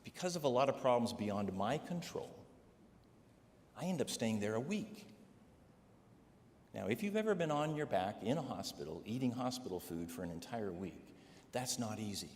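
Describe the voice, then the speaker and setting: Speaking at a normal pace with frequent pauses, this preacher's mid-range voice is animated as he shares his testimony through stories, asking the congregation "all right?" along the way. Long reverb from the sanctuary hall and a little background noise fill the recording.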